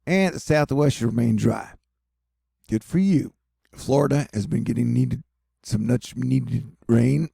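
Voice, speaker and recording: A man runs through a weather update in a casual, rambling way, dropping wry self-mocking jokes. His voice is dark and mellow, with a gravelly, husky edge. The sound is dry and close. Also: mid-range voice, takes it slowly, dry recording. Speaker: weather news host. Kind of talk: casual weather commentary over maps.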